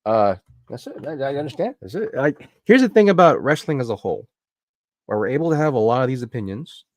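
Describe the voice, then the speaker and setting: A man's voice: mid-range voice, very animated, fairly quick, no room sound. Casual man chatting on a podcast. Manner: casual, peppers talk with "right?" and "like". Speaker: podcast co-host. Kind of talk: casual chat.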